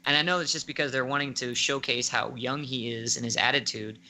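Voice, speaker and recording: A man's voice: medium pitch, fairly even intonation, brisk, sharp tone. A man co-hosting an anime podcast who rants emphatically and in exasperation in casual review chat.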